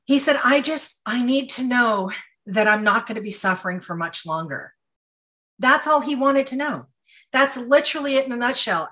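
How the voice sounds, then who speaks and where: Woman, psychic medium, co-host, casual storytelling, animated, emotional, bright tone, mid pitch. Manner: animated and emotional, with frequent restarts. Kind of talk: casual chat, personal storytelling.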